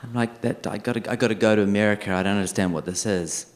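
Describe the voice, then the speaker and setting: A filmmaker on a festival panel, telling a long story and acting out the other people in it. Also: male voice, fairly low pitch, fast talker. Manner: animated, acts out the other people in his story.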